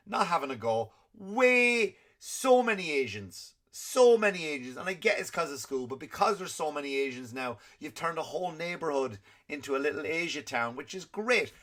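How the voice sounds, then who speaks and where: A man's voice: on the high side, fairly bright tone. A man hosting a comedy podcast, ranting and swearing constantly in an exasperated, comic way. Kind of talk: profane comedic rant.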